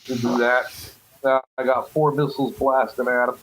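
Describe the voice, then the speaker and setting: A man's voice: medium pitch, level tone, normal speed, fairly bright tone, low-quality recording. Casual male player, middle voice, chatty and apologetic, light hiss behind. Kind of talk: casual tabletop game chat.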